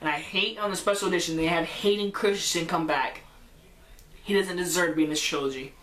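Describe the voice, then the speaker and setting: A woman's voice: on the low side, steady tone, brisk, fairly bright tone, roomy sound. A woman giving a casual, gushing movie recap, rambling and often trailing off with a dismissive "whatever". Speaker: movie reviewer.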